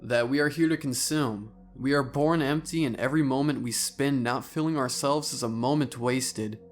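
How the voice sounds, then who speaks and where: A man voicing a huge gluttonous man who preaches endless hunger in a hushed, wheezing, fervent voice. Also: mid-range voice, normal speed, soft background music, natural voice. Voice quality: wheezing, snarling.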